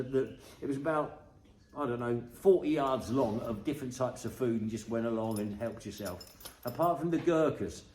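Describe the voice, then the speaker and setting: A man's voice: medium pitch, darkish tone. A middle-aged man from Britain tells loose, joking stories straight to camera, stopping now and then to talk to his dog. The room throws back a noticeable echo, and a light hiss sits under his voice. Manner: rambling, jokey, chats to his dog between stories. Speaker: vlogger. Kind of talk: casual storytelling to camera. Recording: echoey room with some noise.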